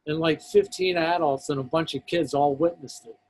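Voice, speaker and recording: A male guest on a talk show tells a story with earnest detail. His voice sits a little high for a man, and he gives each step of the story its place. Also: fairly even intonation, normal speed, darkish tone, poor audio.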